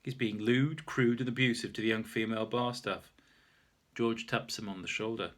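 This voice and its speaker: A man's voice: lowish voice, steady tone, normal speed, a bit bright. A man reading his own story aloud in a wry, self-mocking way. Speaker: author reading his memoir.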